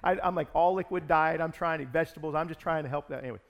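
A pastor telling a personal story in a sermon, in an animated, conversational way. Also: male voice, a little high, very fast, vocal fry.

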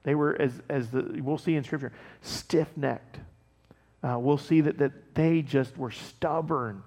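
A male pastor giving a casual, conversational sermon, animated and laughing often as he tells stories. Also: a little high, a little slow, big-room sound.

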